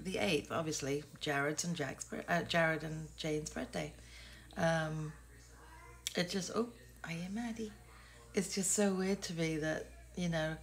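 A woman's voice: fairly low pitch, vocal fry. An English woman in her sixties, chatting casually and rambling in a self-deprecating way to her vlog camera. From England. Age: 60s. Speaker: vlogger.

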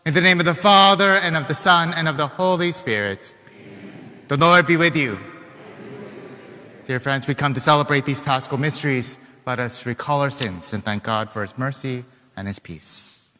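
Man, priest, liturgical prayer, bright tone, long church reverb. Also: medium pitch. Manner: measured, formal recitation.

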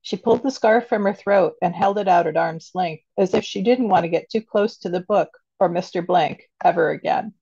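A woman author reads her story gently in a lower, gravelly voice. The recording sounds dull and lo-fi. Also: moderate pace, hardly any pauses. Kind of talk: reading fiction aloud.

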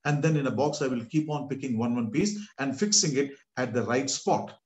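A man preaching a sermon, telling a story with animated delivery that swells at dramatic moments and addressing listeners as beloved. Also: mid-range voice, brisk.

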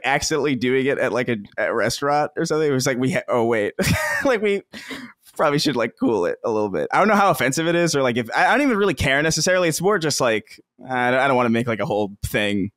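A man's voice: mid-range voice, very animated, fast talker, a bit bright, no room sound, clean studio sound. A man co-hosting a podcast in casual chat, rambling with many restarts and frequent laughs. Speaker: podcast co-host.

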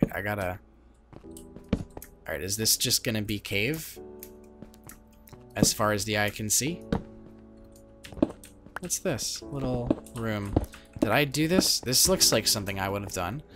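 A man giving rambling, excitable commentary as he plays a video game. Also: fairly low pitch, a little slow, pauses often. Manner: rambling, self-interrupting, excitable. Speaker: let's play host. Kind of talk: casual gameplay commentary. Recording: game music playing behind.

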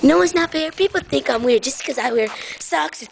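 In an amateur comedy impression video, a woman voices a hyperactive, easily frightened little boy, squeaking and shrieking with frantic outbursts between bouts of babbling chatter. The mood is sulky, the delivery at normal speed, and the voice gravelly. There's a little hiss or hum on the audio.

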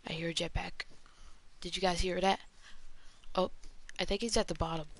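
A woman giving live commentary on an online shooter game, chatting to viewers and reacting excitedly to the action. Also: lowish voice, moderate pace. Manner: excitable, talks to viewers while playing, mild exclamations. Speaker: gaming commentator.

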